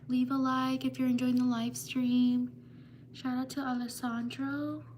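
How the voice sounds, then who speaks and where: A woman hosting a live stream, reading out viewers' names one by one in a slow, repetitive way. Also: high-pitched, little pitch movement, darkish tone, slight background noise. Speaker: livestream host.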